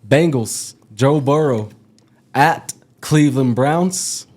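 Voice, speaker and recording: A man's voice: mid-range voice, slow pace. A man co-hosting a casual sports chat, running through matchups and scores. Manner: reads out matchups and scores in a steady rundown. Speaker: sports podcast co-host.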